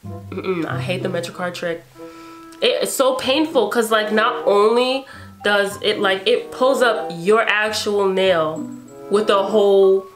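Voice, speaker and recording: A woman's voice: mid-range voice, slow pace. A young woman in her twenties from New York, casually telling a story and animatedly acting out her own reactions, with music playing behind her. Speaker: beauty vlogger.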